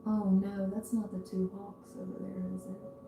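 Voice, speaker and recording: A woman's voice: mid-range voice, little pitch movement, normal speed, gravelly, background noise. A woman giving a tarot reading in a casual, chatty way, easily distracted and often exclaiming aloud. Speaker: tarot reader. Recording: echoey room.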